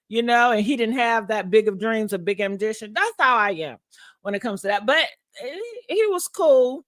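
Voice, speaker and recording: A woman's voice: fairly high pitch, animated, normal speed, dry recording, studio quality. A woman vlogger casually telling a personal story to her viewers, frank and profane, laughing often.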